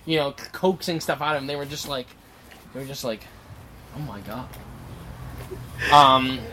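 A man's voice: mid-range voice, steady tone, a little fast, pushed and bright, a little hiss or hum. A man co-hosting a podcast in casual chat, talking restlessly with lots of filler words and frequent laughter.

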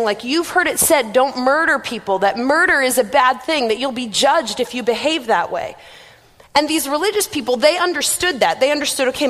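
A young woman delivers a relaxed, conversational sermon, chatty and self-deprecating, leaning on "like" as she goes. Her voice sits a little high, and it rings with the long reverb of a large hall. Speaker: youth minister giving a message.

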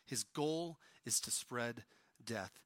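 A man from Oklahoma preaching a sermon on stage, animated, swinging from loud to hushed. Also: medium pitch, slow, dry recording, studio quality. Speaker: pastor.

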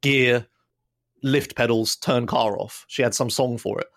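A young man telling a rambling, animated story on a casual podcast. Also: medium pitch, measured pace. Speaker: podcast host.

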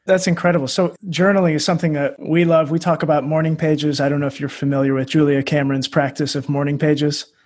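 A man hosts a podcast interview, curious and engaged as he asks questions. His voice is a little higher than usual for a man and has a husky edge. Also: little pitch movement, fast, few pauses, darkish tone. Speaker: podcast host.

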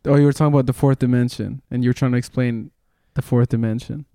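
Man, mellow smooth voice, casual chat, short questions, dry sound. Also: mid-range voice, fairly even intonation, quick pace, no echo.

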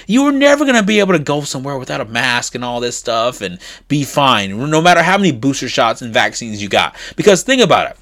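A man's voice: medium pitch, big pitch swings, quick pace, few pauses, fairly bright tone, dry recording. Insistent man, dry close sound. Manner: emphatic, repeats "okay?" for stress; insistent, rising in intensity. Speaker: political commentator. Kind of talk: opinion monologue.

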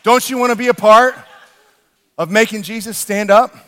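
An animated male pastor delivers a sermon, his voice pitched high for a man. He moves between quiet storytelling and fervent shouting. A long hall reverb trails every phrase. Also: moderate pace.

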